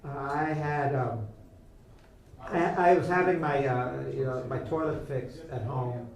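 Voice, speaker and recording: A man doing a rambling comic bit as a doctor, halting and full of stops and restarts. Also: mid-range voice. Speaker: guest playing a doctor. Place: small studio. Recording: echoey room from far off, music behind.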